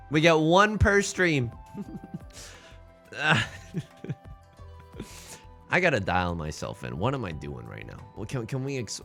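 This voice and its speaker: Over faint background music, a young man chatters casually while live-streaming a mahjong game. His bright, forceful voice bounces around in pitch, lively and animated, as he rambles from one goofy joke to the next in asides to his chat.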